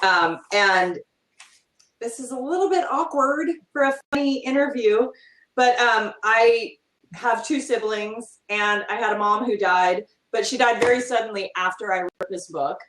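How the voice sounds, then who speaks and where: A middle-aged woman being interviewed as a guest author, animated and acting out little quotes as she talks. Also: on the high side, measured pace, recorded from a distance. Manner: animated, acts out quotes in other voices. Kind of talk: podcast interview. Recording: roomy, from off mic.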